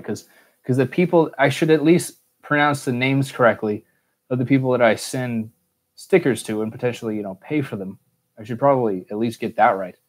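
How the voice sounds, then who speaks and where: An American man hosting a casual solo Q&A podcast, rambling, cursing freely and joking at his own expense. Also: mid-range voice. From United States. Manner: rambling, swears a lot, self-mocking. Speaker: podcast host.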